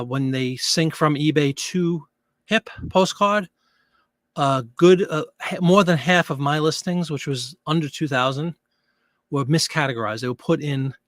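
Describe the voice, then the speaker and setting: A man's voice: fairly high pitch, a bit bright, no room sound, clean studio sound. A man hosting a casual live stream, chatting loosely as he reads out viewer comments and answers them. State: out of breath.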